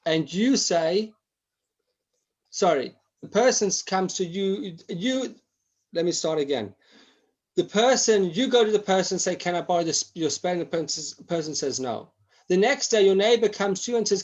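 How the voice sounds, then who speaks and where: A man's voice: high voice, animated, normal speed. A man teaching a Torah class online, acting out examples and often restarting his sentences.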